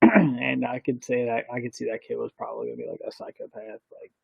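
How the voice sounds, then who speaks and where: A man's voice: medium pitch, fast talker, gravelly, breathy edge, no room sound, narrow, tinny audio. A man co-hosting a casual podcast, telling crude stories with lots of swearing and sound effects. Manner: laid-back, profane, animated storytelling with sound effects. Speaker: podcast co-host.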